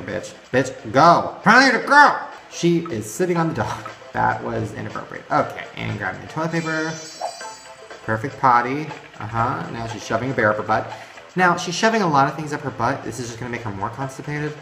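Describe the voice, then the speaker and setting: Young guy doing sarcastic game commentary, gravelly, crude jokes, echoey room w music under. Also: mid-range voice. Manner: crude, sarcastic, swings to loud shrieks. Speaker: gaming video host.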